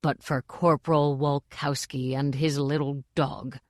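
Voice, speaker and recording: An exasperated theater stage manager shouts orders at a jittery troupe , played by a woman reading a story. His voice sits fairly low and sounds dry and close. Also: moderate pace, dry recording, close to an everyday voice. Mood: rousing. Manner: barking, exasperated. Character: harried male theater stage manager, bossy.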